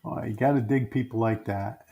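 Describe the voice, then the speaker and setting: A man with a mid-range voice trades dry, teasing jokes while co-hosting a casual stream. He keeps the banter quick and easy. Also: medium pitch, creaky, warm tone. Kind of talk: casual chat.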